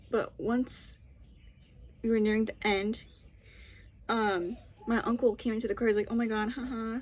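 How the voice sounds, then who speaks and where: A woman's voice: mid-range voice, darkish tone, a little hiss or hum. A young woman vlogger telling a story in a casual, rambling way, full of restarts and fillers.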